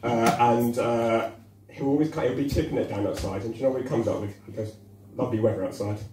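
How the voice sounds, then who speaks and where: A man's voice: medium pitch, brisk, slight background noise. A man compering a stand-up comedy night, laughing at his own jokes and hyping up the crowd. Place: cafe-bar comedy night, live crowd. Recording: roomy live room, distant mic, loud crowd.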